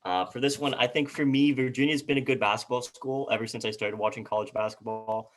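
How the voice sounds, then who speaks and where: A man's voice: medium pitch, a little fast, faint music behind. A man co-hosting a casual sports chat, reading out team records and stumbling over player names. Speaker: co-host.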